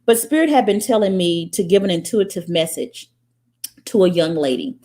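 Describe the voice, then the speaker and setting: Woman vlogger, casual monologue to camera, animated, curses freely. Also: lowish voice, normal speed. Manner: blunt and profane, animated storytelling. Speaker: spiritual vlogger.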